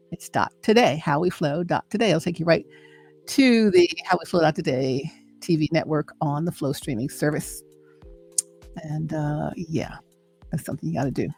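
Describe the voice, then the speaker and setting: Her voice is lowish and a little mellow as this middle-aged woman gives an inspirational faith talk to camera. Acting as host and speaker, she encourages and preaches, repeating lines and checking in with "right?"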